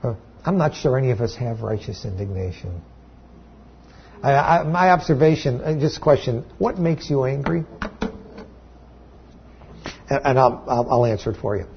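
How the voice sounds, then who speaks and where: A man's voice: medium pitch, expressive, moderate pace, vocal fry, long pauses, dull audio, slight background noise. A man preaching a sermon to his church, talking in a conversational way with restarts and sudden emphatic peaks. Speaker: pastor.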